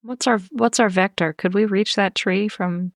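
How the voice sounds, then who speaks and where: A woman's voice: medium pitch, steady tone, moderate pace, dry recording, clean studio sound. A woman playing a tabletop game, eager and supportive of her fellow player. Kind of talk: casual tabletop game play.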